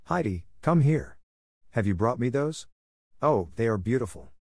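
A man voicing a kind, gentle elderly grandmother who talks to a child with mild, patient earnestness. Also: mid-range voice, animated, normal speed, no echo, clean studio sound. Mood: kindly. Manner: gentle, kindly lecturing. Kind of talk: audiobook character voice.

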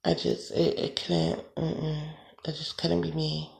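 Gravelly, emphatic podcast host venting. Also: mid-range voice, monotone, takes it slowly. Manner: emphatic, repetitive, swearing. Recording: roomy echo.

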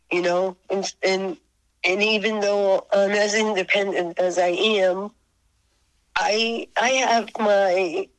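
An older woman talking earnestly in an interview, reminiscing in halting phrases that often repeat and restart. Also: mid-range voice, fairly bright tone, rough recording. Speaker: guest musician.

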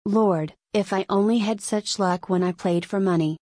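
A woman's voice: medium pitch, moderate pace, darkish tone, no room sound, studio quality, lightly acted. A woman reading the lines of a defiant nobleman, careless and scornful in manner, in a storybook. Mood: nonchalant. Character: defiant nonchalant male nobleman.

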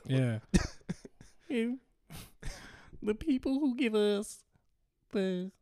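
A podcast co-host chats casually with a dry, close studio sound. The voice sits mid-range but moves a lot in pitch. They keep laughing and slip into mock voices to quote scenes. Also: big pitch swings, extremely slow, mellow, no echo. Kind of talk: casual chat. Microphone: studio mic.

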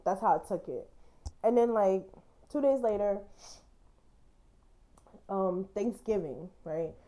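A woman's voice: mid-range voice, mellow. A young woman hosting a podcast, telling a personal story in a blunt, candid way and swearing casually. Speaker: podcast host.

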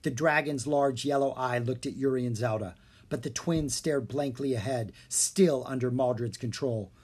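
A narrator reading a children's fantasy book aloud, clear and expressive. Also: medium pitch, moderate pace. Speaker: audiobook narrator. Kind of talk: scripted storybook narration.

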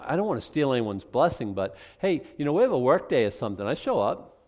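A man's voice: medium pitch, big pitch swings, quick pace, darkish tone. A male pastor preaching a sermon in a conversational, joking, rambling way.

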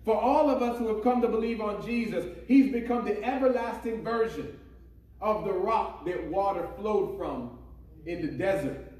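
A man's voice: high-pitched, moderate pace, a little mellow. A man preaching a sermon with fervor, repeating praise God and hallelujah between his phrases. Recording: echoey room, mic at a distance.

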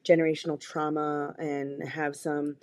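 A young adult woman co-hosts a casual podcast in a low, darkish voice, delivered flatly at a measured pace. She talks candidly and earnestly, often restarting her sentences.

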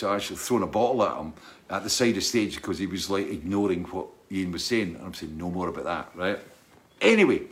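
A touring musician with a lowish voice rambles through a casual anecdote, laughing and repeatedly checking in with "right?"

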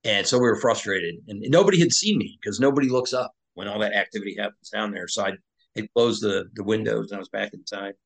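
A man with a fairly low voice recounts a war story as a podcast guest. He talks loosely, with fillers and restarts. He acts out the dialogue as he tells it. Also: fast talker, vocal fry, poor audio. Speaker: podcast guest, former Navy SEAL.

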